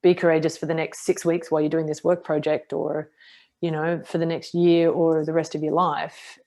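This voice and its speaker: A woman's voice: sits low, moderate pace. A middle-aged woman, a podcast guest telling a personal story frankly and with a self-deprecating edge. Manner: frank, self-deprecating, animated retelling with acted quotes. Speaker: podcast guest, martial artist. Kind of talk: candid interview storytelling.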